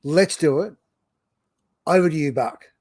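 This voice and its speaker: A man interviewing a guest in a relaxed, encouraging way. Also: on the high side, unhurried, no echo, clean studio sound. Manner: easygoing, encouraging prompts. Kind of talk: casual interview chat.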